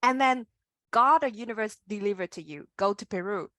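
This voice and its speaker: A woman's voice: mid-range voice, fairly quick, fairly bright tone, dry recording. A woman hosting an interview, reacting with frequent murmurs and laughs while her guest talks. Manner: lots of listening murmurs, laughs easily. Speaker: host. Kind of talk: casual interview chat.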